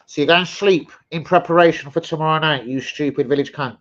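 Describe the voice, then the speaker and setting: A man hosting a casual live stream, swearing freely, rambling and giving loud shout-outs to chat. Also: fairly high pitch, brisk. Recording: slightly muffled stream audio.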